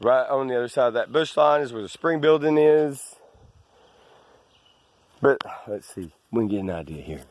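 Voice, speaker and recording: A man's voice: medium pitch, expressive, normal speed, pauses often, a little mellow, no room sound. A man from Arkansas, filming himself as he walks his rural land, rambling through asides and restarts. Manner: meandering, with many restarts and asides. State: out of breath. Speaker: landowner vlogger. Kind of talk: rambling outdoor walk-and-talk.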